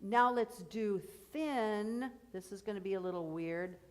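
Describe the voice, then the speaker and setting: A woman's voice: mid-range voice, a little slow. A woman coaching a choir through vocal technique, explaining and encouraging as she demonstrates. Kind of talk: rehearsal vocal instruction.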